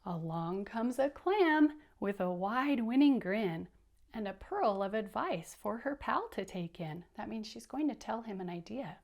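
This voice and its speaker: A woman's voice: medium pitch, lively intonation, unhurried, a little mellow. A woman teacher reading a picture book aloud to young children, laughing and stopping to explain words.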